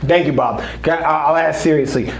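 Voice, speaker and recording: A man doing stand-up crowd work on a comedy club stage, brash, swinging from shouts to mumbled asides. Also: fairly high pitch, brisk, gravelly, background noise.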